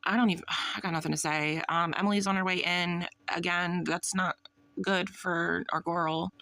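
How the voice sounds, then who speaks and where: A woman's voice: on the low side, steady tone, normal speed, sharp tone, no room sound. A woman hosting a reaction channel, talking bluntly and mockingly in casual commentary, swearing freely.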